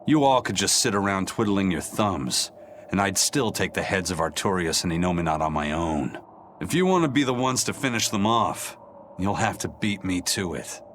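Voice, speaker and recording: An actor voicing a stern, seasoned male fighter in a video game, speaking in a gruff, calm, matter-of-fact way. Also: sits low, moderate pace, slight background noise. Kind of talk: game voice acting.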